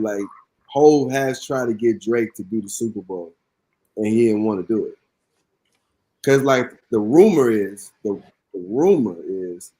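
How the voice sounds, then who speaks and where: A man co-hosting a casual podcast chat, talking in quick, emphatic bursts of opinion. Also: medium pitch, darkish tone, low-quality recording. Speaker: podcast co-host.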